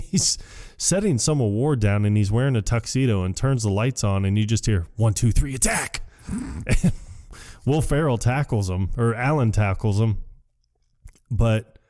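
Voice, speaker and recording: A man on a podcast, casually retelling movie scenes and acting out the lines with quick laughs. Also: medium pitch, expressive, a little mellow. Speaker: podcast co-host. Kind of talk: casual movie recap chat.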